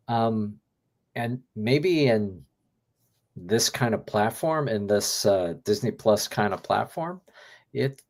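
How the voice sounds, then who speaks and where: A man co-hosting a review show, speaking in a measured, hesitant way with many fillers. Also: lowish voice, a little mellow. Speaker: podcast co-host. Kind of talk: thoughtful review chat.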